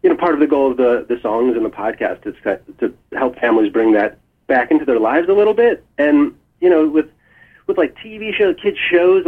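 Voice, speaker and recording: A man as a guest musician in a phone interview, talking in a relaxed, thoughtful way with many fillers. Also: medium pitch. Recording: tinny phone line.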